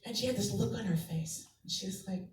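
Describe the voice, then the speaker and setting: A mother of two from Massachusetts does stand-up about her family, chatting her way through stories and voicing each relative. She talks a little fast in a mid-range voice. The club sound is echoey, recorded from a distance.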